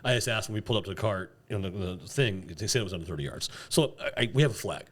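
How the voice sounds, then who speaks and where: Animated, fast-talking male podcast host. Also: deep voice. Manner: animated storyteller, acts out shouted quotes, laughs often. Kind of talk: casual storytelling chat.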